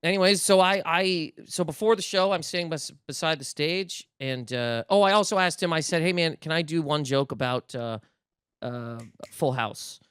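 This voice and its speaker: Animated storytelling man, smooth voice. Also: fairly high pitch, normal speed, dry recording, studio quality. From Canada, Nova Scotia. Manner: animated storyteller, acts out quotes, swears. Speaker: guest comedian. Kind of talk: casual podcast storytelling.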